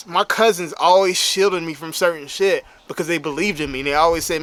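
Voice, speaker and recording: A man's voice: on the high side, fairly quick, hardly any pauses, fairly bright tone. A man, a bodybuilder, telling a story in a casual, slang-heavy way that is full of "you know what I'm saying.". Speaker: bodybuilder and motivational speaker.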